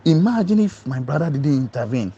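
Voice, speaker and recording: A man's voice: a little fast, slightly rough. A man, a doctor giving an emotional personal account, acting out other voices and stumbling over repeated words. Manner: animated storyteller, acts out other voices with big pitch jumps. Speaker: doctor recounting a police ordeal. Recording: muffled lo-fi recording.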